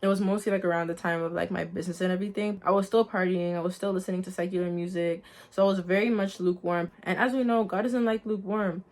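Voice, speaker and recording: A woman's voice: on the low side, fast talker, few pauses. Earnest young woman telling a story. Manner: earnest, lively storytelling, addresses viewers as guys. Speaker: vlogger sharing a faith testimony. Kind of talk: casual spoken testimony.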